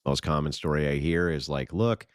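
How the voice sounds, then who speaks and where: Low gravelly sarcastic man. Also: expressive, fairly quick, dry recording, clean studio sound. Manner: sarcastic, mocking. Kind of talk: casual commentary chat.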